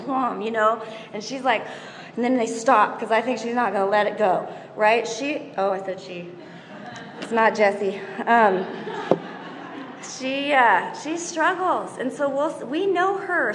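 Animated woman talking in an echoey hall. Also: high-pitched, slight background noise. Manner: chatty, animated, acts out scenes and quotes. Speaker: speaker giving parenting advice. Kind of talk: casual talk to a live audience. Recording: echoey hall with long reverb.

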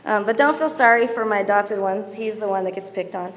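A woman's voice: medium pitch, a little fast, a bit bright. A middle-aged woman teaching a parenting class in a chatty way, telling stories about her kids, laughing and mimicking them. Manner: moves around constantly while talking. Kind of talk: casual teaching talk to mothers. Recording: roomy hall reverb, faint background noise.

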